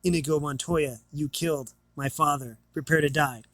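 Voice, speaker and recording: A man's voice: a little high, fairly even intonation, normal speed, fairly bright tone, no echo, close to an everyday voice. A man reading aloud as a wounded, vengeful Spanish swordsman, repeating his vow grimly.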